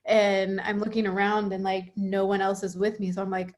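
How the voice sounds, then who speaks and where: A woman's voice: mid-range voice, little pitch movement, unhurried, few pauses, darkish tone. A woman guest on a podcast, chatty and self-deprecating, with lots of "like" fillers. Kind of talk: casual podcast chat.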